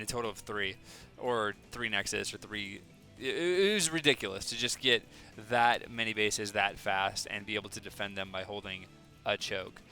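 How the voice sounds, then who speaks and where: A man's voice: on the low side, sharp tone. A man casting a strategy video game in a casual, chatty way, with joking, self-deprecating asides. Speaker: game caster. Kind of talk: casual esports commentary.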